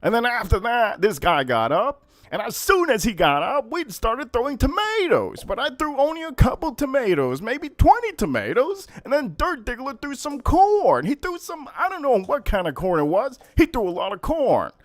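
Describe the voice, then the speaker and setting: Animated, profane male livestream host. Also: extremely high pitch, normal speed, hardly any pauses, no room sound. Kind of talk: casual livestream chat.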